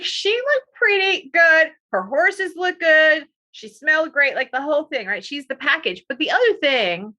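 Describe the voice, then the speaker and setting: Bright, lively woman storyteller. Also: medium pitch, husky. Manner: lively and animated, with asides to listeners. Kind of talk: oral storytelling performance.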